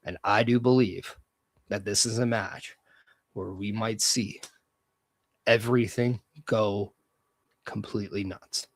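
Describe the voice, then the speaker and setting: A man with a fairly low voice hosts his own podcast, talking loosely and with energy. He gives pointed opinions and picks up speed when something gets him going. The sound is close and dry, with no room around it. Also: slow, long pauses, no echo. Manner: energetic, opinionated, loose fantasy-booking talk. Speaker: podcast host. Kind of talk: casual solo commentary.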